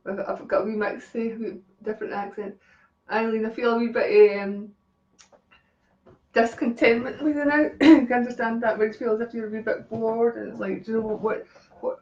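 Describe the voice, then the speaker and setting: A Scottish-accented psychic medium does live readings on a stream, chatting, laughing often, and addressing viewers by name. Her voice is medium-pitched and a little mellow. The audio sounds roomy and dull.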